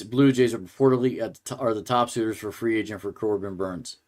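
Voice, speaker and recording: A male sports podcast host in a casual, rambling rant. He keeps stopping and restarting his sentences as he talks, at a medium pitch for a man. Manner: rambling, restarts often, ranting.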